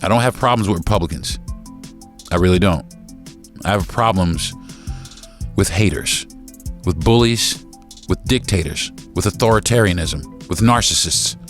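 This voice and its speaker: A man's voice: low voice, moderate pace, pauses often, a bit bright, soft background music. A man hosting his own podcast, delivering a heated opinion monologue straight to his listeners. He repeats words and restarts sentences as he gets worked up. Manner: addresses listeners directly as folks. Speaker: podcast host.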